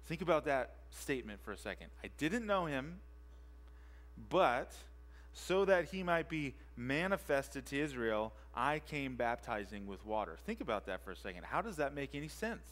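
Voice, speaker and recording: A man who is a pastor, preaching a sermon with emphatic repetition and rhetorical questions, moving between quiet and loud for emphasis. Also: medium pitch, very animated, moderate pace. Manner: emphatic, repeats key phrases and asks rhetorical questions. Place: church sanctuary.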